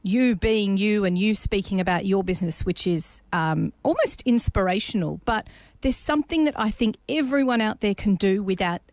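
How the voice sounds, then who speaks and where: A woman's voice: medium pitch, expressive, normal speed, darkish tone, no echo. A woman hosting a podcast, chatty and enthusiastic. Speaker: podcast host. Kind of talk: podcast interview.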